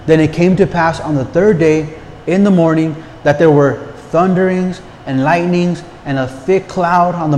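A pastor gives a casual, conversational sermon in a somewhat high, slightly mellow voice, often repeating words and putting rhetorical questions to his listeners. The recording carries a long hall reverb and faint background noise.

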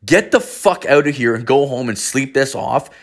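A man's voice: mid-range voice, animated, moderate pace, pitched above the performer's own voice. A man voicing an exasperated middle-aged male instructor, a former police officer, who scolds and swears in disbelief. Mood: flustered.

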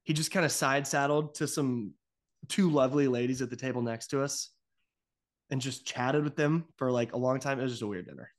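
A man's voice: medium pitch, a little fast. A young man co-hosting a casual podcast, easygoing and joking in his banter. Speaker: podcast co-host. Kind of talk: casual chat.

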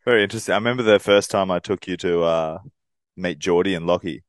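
Low-voiced easygoing man. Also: quick pace, no room sound, clean studio sound. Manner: easygoing storyteller, chuckles while telling stories. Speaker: podcast co-host. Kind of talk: casual chat.

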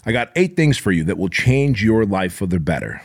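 A man's voice: fairly low pitch, big pitch swings, a little fast. Blunt, profane motivational man in his forties. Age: 40s. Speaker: podcast host. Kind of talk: motivational monologue.

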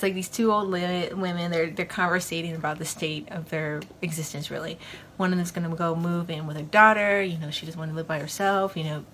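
A woman's voice: fairly low pitch, fairly bright tone, a little hiss or hum. A woman hosting a podcast, giving a loose, casual recap of a TV episode with lots of fillers. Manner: rambling, loose, full of fillers like "you know". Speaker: podcast host.

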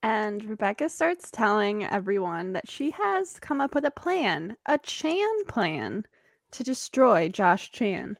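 A woman co-hosting a podcast, recapping an episode in expressive casual chat and laughing often. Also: mid-range voice, slow pace, creaky, no room sound, studio quality. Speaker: podcast co-host.

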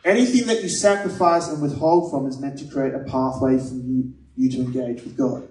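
A man's voice: medium pitch, normal speed, darkish tone. A man preaching a sermon, earnest and conversational, mixing scripture with personal stories. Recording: echoey room, mic at a distance.

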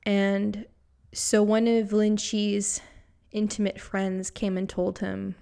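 A woman speaker in a quiet, reflective spiritual talk, with a voice that rests on a gravelly vocal fry. She wanders through her thoughts softly, pausing on fillers as she goes. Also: medium pitch, little pitch movement. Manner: soft-spoken and meandering, with many fillers.

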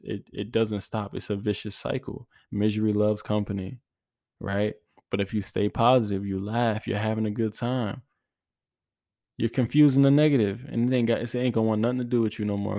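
A man's voice: lowish voice, vocal fry, a little mellow, no room sound, studio quality. A man in his twenties hosting a podcast, giving an earnest, casual motivational talk full of slang, repeated phrases and restarts. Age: 20s. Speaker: podcast host.

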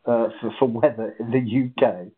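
A husky-voiced man telling his story in an interview, animated, with halting restarts. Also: mid-range voice, slight background noise. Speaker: guest, ultra runner. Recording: tinny phone-like line.

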